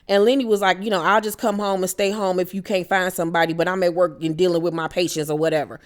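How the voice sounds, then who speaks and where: Animated gossipy woman, low voice. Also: fast talker. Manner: animated, profane, gossipy, mock-outraged. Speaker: reality TV recap host. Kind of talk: casual gossipy recap.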